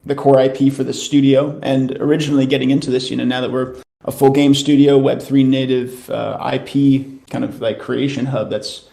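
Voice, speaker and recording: A man with a gravelly, fry-edged voice hosts a casual online voice chat. His talk is loose and slangy, full of fillers and false starts as he updates his listeners. His pitch sits in an ordinary middle range. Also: little pitch movement, moderate pace, few pauses, mellow. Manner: laid-back, slangy, drifts through fillers and restarts. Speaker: host of a studio community call.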